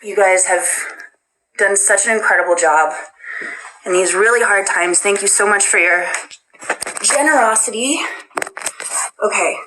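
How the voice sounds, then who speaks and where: Bubbly, self-mocking woman host on a casual stream, middle-pitched voice with room echo. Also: a little slow, long pauses, bright, forceful tone. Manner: bubbly, self-deprecating, many "um" fillers. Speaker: livestream host answering fan questions. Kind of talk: casual chat. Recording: roomy echo.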